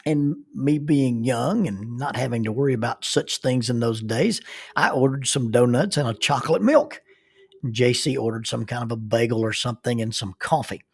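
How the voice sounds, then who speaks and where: A man's voice: mid-range voice, normal speed, gravelly, slightly rough. A middle-aged man, a preacher, telling a funny personal story in a self-deprecating, chuckling way.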